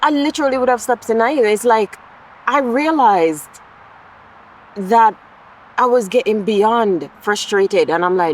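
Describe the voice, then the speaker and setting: A woman's voice: a little high, unhurried, slight background noise, low-quality recording. A woman vlogger in a casual monologue, candid and reflective, talking through her feelings aloud with the odd swear word. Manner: occasional swearing.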